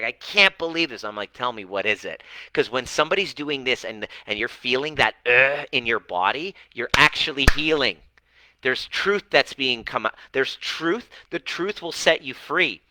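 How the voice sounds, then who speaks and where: A male coach speaks bluntly and swears freely, slipping into the voices of the people in his stories. His voice is low and very bright. The sound is close and dry. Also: no room sound, poor audio. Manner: blunt, swears freely, acts out client's words. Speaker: relationship coach. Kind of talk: motivational talk to camera.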